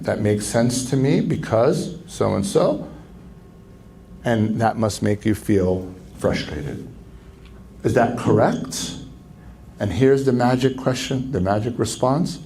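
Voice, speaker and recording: A man speaking as a marriage counselor at a conference, lecturing in an animated way and acting out quoted speech with sharp jumps in pitch. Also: measured pace, a little hiss or hum, low-quality recording. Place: conference venue.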